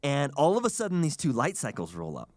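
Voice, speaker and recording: A man's voice: medium pitch, fairly quick, dry recording, studio quality. A man from the United States hosting a podcast, telling a long story in a casual, chatty way and acting out the people he quotes. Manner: animated, chatty, acts out quotes. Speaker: podcast host.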